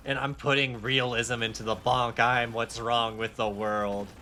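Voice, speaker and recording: A man's voice: medium pitch, level tone, measured pace, pushed and bright, slight background noise. A young man streaming a game live, talking casually in a heated, rambling rant with swearing and self-mocking asides. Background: faint game music.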